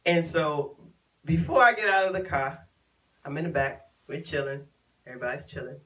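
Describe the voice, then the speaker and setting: A woman's voice: low voice, moderate pace, a bit bright, recorded from a distance, poor audio. A woman from Chicago, hosting a live stream and telling a casual story to her viewers, laughing often and acting out what people said. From Chicago, USA. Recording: voice sounds from away from the mic.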